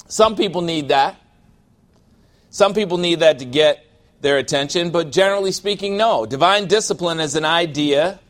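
A pastor preaching a sermon in a loose, conversational style, calling for amens from the congregation and briefly mimicking people as he talks. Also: a little high.

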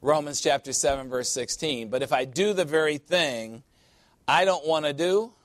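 A man's voice: on the high side, moderate pace, no room sound. A man preaching a sermon in an emphatic, conversational way, with sudden playful asides.

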